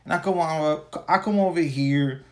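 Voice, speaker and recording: A man's voice: fairly high pitch, moderate pace, a little mellow. A man in his forties hosting a solo podcast, ranting casually with crude, profane and rambling talk, tired after a long workday. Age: 40s. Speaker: podcast host.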